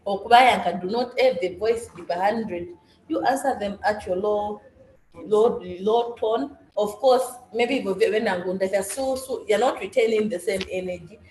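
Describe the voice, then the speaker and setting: A woman's voice: mid-range voice, moderate pace, a little mellow, slight background noise. Woman moderating a workshop. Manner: switches between English and Swahili, restarts often. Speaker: session facilitator and interpreter. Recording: echoey room with faint ambience.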